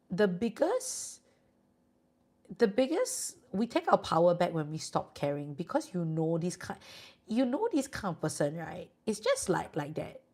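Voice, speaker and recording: Her voice is low, gravelly and somewhat dark, and she's Singaporean. As a tarot reader and live streamer, she chats casually with viewers in a warm, reassuring way, dropping in "lah" while yawning sleepily.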